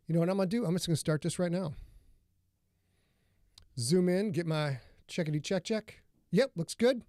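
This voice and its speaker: A man's voice: high-pitched, expressive, brisk, long pauses, warm tone, dry recording, clean studio sound. Chatty man greeting his livestream viewers. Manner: rambling, greets viewers by name. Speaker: podcast host and author. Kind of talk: casual livestream chat. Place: home studio.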